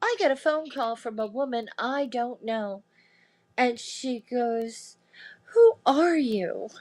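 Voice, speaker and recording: A woman hosts a casual chat with friends, recounting a grievance with open indignation and frequent swearing. Her voice sits on the higher side and she talks at an unhurried pace. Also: rough recording. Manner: indignant, swearing, acts out quotes. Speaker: host.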